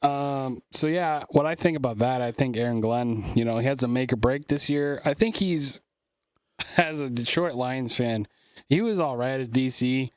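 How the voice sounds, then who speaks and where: A young man co-hosting a podcast, talking sports casually in a halting, blunt way and often repeating words. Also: medium pitch, no room sound, studio quality. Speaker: podcast co-host.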